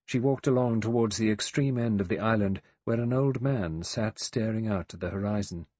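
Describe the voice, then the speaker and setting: A man over sixty narrating a mystery audiobook in a measured, even way. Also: fairly low pitch, no echo. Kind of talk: scripted narration.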